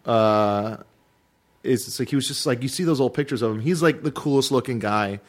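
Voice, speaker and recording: A man's voice: mid-range voice, moderate pace. A man in casual podcast chat, rambling and hesitant, full of fillers as he talks.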